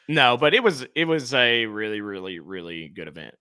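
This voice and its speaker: A man's voice: medium pitch, big pitch swings, moderate pace, bright, forceful tone, clear, resonant tone, dry recording, studio quality. A man co-hosting a podcast, retelling events in a laid-back, amused way in casual chat. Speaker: podcast co-host.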